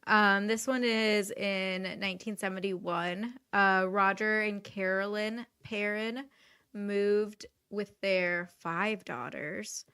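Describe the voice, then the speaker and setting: Unhurried woman with a smooth voice. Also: mid-range voice, steady tone, pushed and bright. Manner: giggly, with frequent "um" while telling the story. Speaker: podcast co-host. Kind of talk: casual chat, recounting cases.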